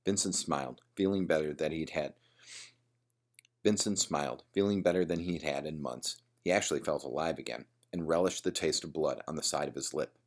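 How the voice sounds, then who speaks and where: A man reads a gritty bar-room story aloud in a steady, even way. His voice sits extremely low, a deep bass. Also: fairly quick. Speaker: narrator. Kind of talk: audiobook narration.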